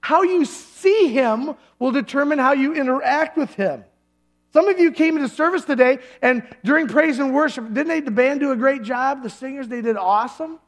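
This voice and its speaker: A man's voice: extremely high pitch, animated, moderate pace. A male pastor preaching a sermon in a church service, talking conversationally and acting out the voices of the people he quotes.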